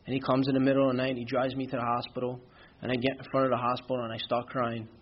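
A man's voice: mid-range voice, monotone, very fast, slightly rough, muffled recording. Candid New man sharing his story. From Brooklyn, New York. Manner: candid, rambling, peppered with "you know". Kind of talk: personal testimony at a recovery meeting.

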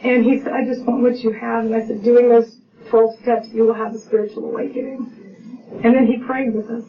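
Her voice highish with little pitch movement, a middle-aged woman briskly shares her recovery testimony. It's heartfelt, packed with restarts and acted-out dialogue, and the recording sounds distant, dull, and lo-fi with faint noise.

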